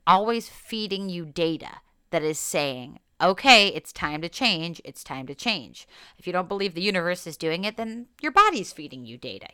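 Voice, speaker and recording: Frank bright-voiced woman podcast host. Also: on the low side, smooth. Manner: candid, animated, swears casually. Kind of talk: solo podcast monologue.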